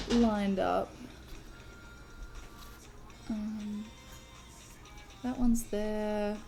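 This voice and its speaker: A woman's voice: mid-range voice, creaky, darkish tone. A woman streaming while she crafts at home, chatting casually and rambling, with many fillers and restarts.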